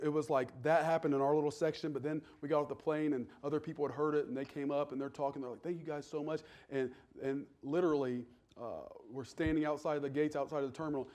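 A male pastor preaching a sermon, swinging between loud, rising exhortation and quiet, chatty storytelling. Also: mid-range voice.

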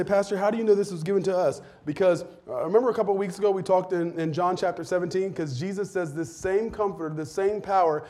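A man's voice: fairly high pitch, darkish tone. A man preaching a sermon in a chatty way, often laughing and acting out quotes. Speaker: pastor.

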